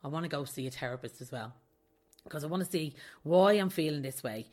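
Low-pitched and darkish, her voice moves a little fast with lively intonation. She's a young adult podcast host talking on her own, candid and confessional in a casual way, and she often laughs mid-sentence.

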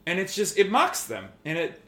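A man's voice: high voice, huge pitch swings, moderate pace, pushed and bright, reverberant. A man co-hosting a podcast, arguing heatedly and mocking online trolls with put-on voices. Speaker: podcast co-host. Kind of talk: heated casual debate.

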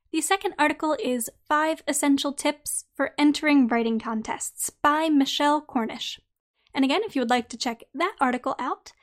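A woman hosting a podcast who talks straight to her listeners in a friendly way and then reads out her own article, her voice slightly croaky today. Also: high voice. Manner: friendly, direct address to listeners. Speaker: podcast host. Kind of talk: podcast monologue and article reading.

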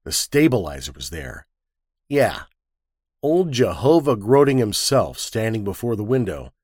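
A man narrating a first-person story with a wisecracking, lively storytelling manner. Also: fairly low pitch, measured pace, no echo, clean studio sound.

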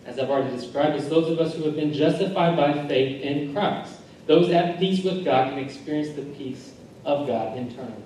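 A male pastor delivers a sermon in an earnest, mellow voice that sits a little high, circling back over his phrases as he builds each point. He is heard from a distance in a big, booming hall, with faint noise underneath. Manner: earnest preaching with repeated phrases and restarts. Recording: echoey church hall recording from far off.

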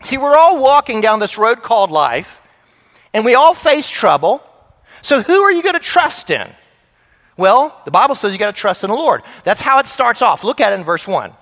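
A middle-aged man preaching a sermon as pastor, telling a family story with lively acted voices. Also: high voice, moderate pace. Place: church sanctuary. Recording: long church hall reverb.

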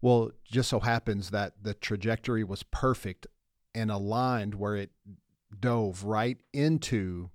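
A man's voice: on the low side, unhurried, dry recording, studio quality. A man co-hosting a casual podcast, telling a story with lots of laughs and putting on other people's voices. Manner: animated storyteller, acts out voices, laughs often. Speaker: podcast co-host.

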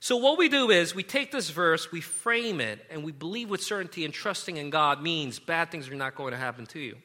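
Preacher, male, high voice, loose conversational sermon full of "uh"s and restarts. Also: animated, fairly quick, bright, forceful tone. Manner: casual, rambling, frequent fillers and self-corrections.

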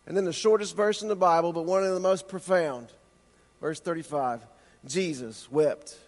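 High-voiced man preaching in a reverberant hall. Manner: impassioned preaching, rhetorical questions, slows for emphasis. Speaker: pastor. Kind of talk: sermon.

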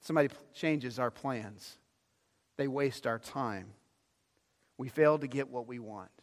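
A middle-aged male pastor preaching a sermon, swinging between loud emphasis and quiet, drawn-out asides. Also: mid-range voice. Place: church sanctuary. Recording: long reverb of a church hall.

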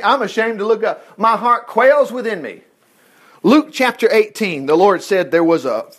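A man teaching from the Bible in a casual, animated way, reading verses aloud and breaking in with his own asides. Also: a little high.

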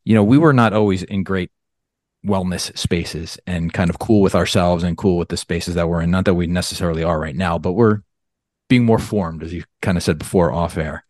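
A man hosting a podcast speaks in a very low voice and asks long, rambling questions with enthusiasm. The sound is close and dry, with no room around it. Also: fairly quick, darkish tone, no echo. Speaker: podcast host. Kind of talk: conversational interview.

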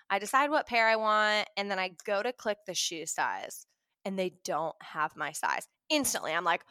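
A young woman talking casually to camera about money, chatty and animated, acting out her own reactions. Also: mid-range voice, brisk, dry recording, studio quality. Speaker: personal finance vlogger.

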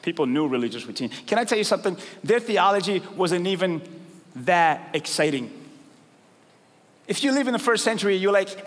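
A middle-aged man preaching a sermon in a church, talking casually with slang, then rising to loud, emphatic points. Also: high voice, big pitch swings, normal speed. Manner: conversational preaching with slangy asides, building to loud emphatic peaks. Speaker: pastor. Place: large church hall with congregation. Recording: long hall reverb, crowd faintly behind.

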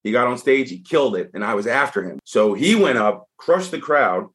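A man speaks as a podcast guest in a mid-range voice, neither high nor low. He tells his story casually and with energy, and he often restarts his sentences as he goes. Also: normal speed. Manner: animated, frank storyteller with frequent restarts.

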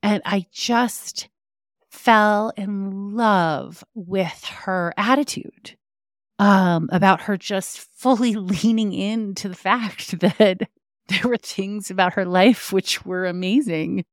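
A woman's voice: mid-range voice, slow, no room sound, clean studio sound. A woman hosting a podcast, telling personal stories in a rambling way with frequent ums and restarts. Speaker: podcast host. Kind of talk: personal storytelling.

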